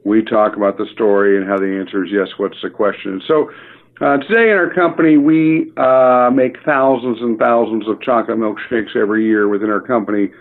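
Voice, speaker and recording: A man's voice: fairly low pitch, brisk. A middle-aged man who leads a restaurant company tells a story. He uses many filler words and acts out the dialogue. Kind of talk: anecdotal storytelling. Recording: narrow phone-like radio audio.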